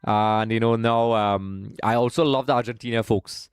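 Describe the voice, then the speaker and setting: A man from Trinidad hosts a live watch-along stream, keeping it casual and chatty as he greets viewers by name and calls them folks. His voice is clear, resonant and mid-range, with fairly even intonation at normal speed. The recording is studio quality with no room sound.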